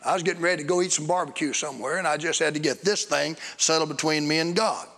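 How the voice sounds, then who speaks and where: Man preacher, gravelly, storytelling, big hall reverb. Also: fairly high pitch, quick pace. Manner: storytelling, rising to excited bursts. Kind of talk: sermon. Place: church hall. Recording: echoey hall.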